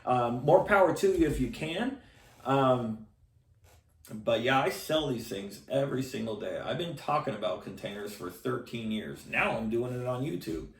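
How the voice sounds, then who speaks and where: A middle-aged man talks bluntly to camera, with frequent restarts and fillers, in a mid-pitched everyday voice. His voice sits a little back from the microphone. The room around him gives it a roomy echo. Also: animated, moderate pace. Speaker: container salesman and channel host. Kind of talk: casual talk to camera. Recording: echoey room, voice a bit far from mic.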